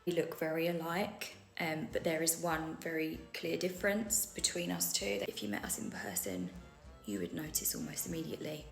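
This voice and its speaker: A woman's voice: low-pitched, moderate pace, creaky, faint music behind. A woman telling a story casually, with wry, dry asides.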